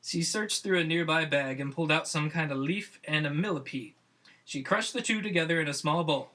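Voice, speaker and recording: Guy reading a goofy adventure story on a podcast, kinda high, bright voice. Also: fairly quick. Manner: amused, often laughing at his own story.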